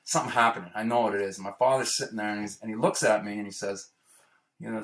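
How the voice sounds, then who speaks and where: A man from Toronto telling a personal story in a casual, animated way. He acts out the quoted lines and tags his sentences with "right?". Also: lowish voice, fast. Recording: roomy echo.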